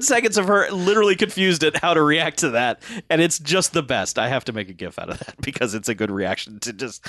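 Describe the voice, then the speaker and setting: A man recaps movie scenes on a podcast, his pitch swinging widely as he gets into the story and mimics the characters. The recording is close and dry, with no room around the voice. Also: lively intonation, brisk, few pauses, pushed and bright, no room sound. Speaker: podcast co-host. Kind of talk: casual movie recap chat.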